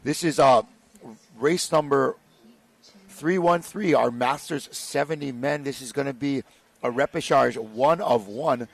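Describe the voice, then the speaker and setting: A man's voice: mid-range voice, measured pace, dry recording. A man in a middle register co-hosts live race commentary. He is laid-back and jokes between heats. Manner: joking, laid-back banter.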